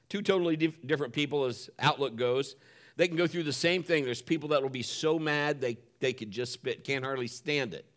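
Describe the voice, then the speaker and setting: A man's voice: a little high, a bit bright. A middle-aged man preaching a sermon, telling a story with laughs and acted-out voices before moving into scripture. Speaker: pastor.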